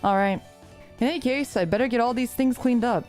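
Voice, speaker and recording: A woman's voice: on the high side, a little fast, a little mellow, faint music behind, close to an everyday voice. A woman reading the lines of an earnest young man who is opening his own bakery, in a plain read-aloud manner. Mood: determined. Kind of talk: reading game dialogue aloud.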